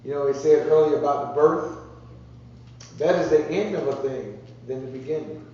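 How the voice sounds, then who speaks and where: A preacher man, fairly high-voiced for a man, talks his sermon through in a loose, repetitive call-and-response way. He sounds far from the mic in a big echoing church, and the sound is dull and muffled, with faint room hum behind. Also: moderate pace, warm tone. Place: church sanctuary.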